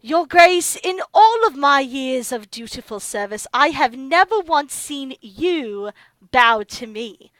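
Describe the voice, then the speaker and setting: A woman's voice: sits high, expressive, takes it slowly, a bit bright, dry recording, pitched below the performer's own voice, heavily acted, rough recording. A woman voicing a cool, arch female underlord with a dry, formal manner in a tabletop game. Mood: coolly mocking. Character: poised, mocking female underlord.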